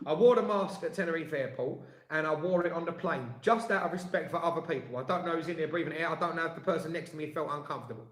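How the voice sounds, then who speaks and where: A man's voice: a little high, fast, few pauses, a bit bright. A man telling an indignant story in casual chat, with lots of restarts. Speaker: co-host. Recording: echoey room.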